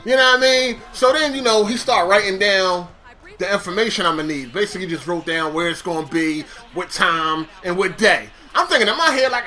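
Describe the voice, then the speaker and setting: A young man casually telling a story, animated, swearing and acting out conversations. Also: high voice, moderate pace.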